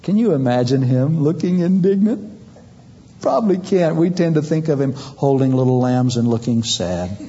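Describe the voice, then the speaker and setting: A male preacher giving a sermon in a humorous, animated way, acting out scenes. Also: mid-range voice, normal speed, muffled recording, a little hiss or hum.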